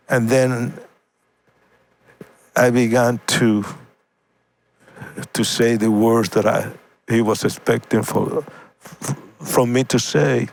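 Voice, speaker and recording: Slow, gravelly man telling his testimony. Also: mid-range voice, fairly even intonation, darkish tone. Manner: halting, repeats and restarts words, slow and heartfelt. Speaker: evangelist guest. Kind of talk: emotional personal testimony.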